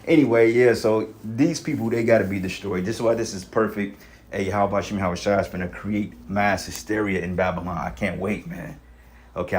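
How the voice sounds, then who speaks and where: Low-voiced man in a profane rant. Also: slight background noise. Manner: profane, rambling, blunt; street slang, frequent "you know what I'm saying". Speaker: religious vlogger. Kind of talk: casual religious rant.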